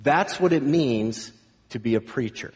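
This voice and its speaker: Preacher in a reverberant hall. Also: male voice, medium pitch, animated, unhurried. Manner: emphatic preaching, swelling to loud proclamations. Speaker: pastor. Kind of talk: sermon.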